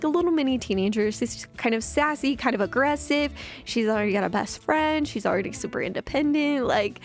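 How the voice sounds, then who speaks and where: A woman giving casual let's-play commentary, excitable and chatty as she talks to her viewers. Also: a little high, vocal fry. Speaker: gameplay commentator.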